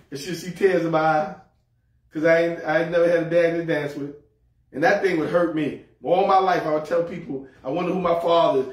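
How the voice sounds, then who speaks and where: A man preaching a sermon as pastor, humorous and folksy, repeating words as he goes. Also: on the high side. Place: church sanctuary. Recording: echoey hall, mic far off.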